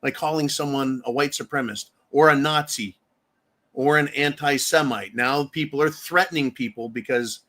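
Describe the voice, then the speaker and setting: A man's voice: mid-range voice, normal speed, pushed and bright. A man hosting a talk show, giving rambling, emphatic, opinionated commentary. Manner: rambling, emphatic, mocking voices for quotes. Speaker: show host.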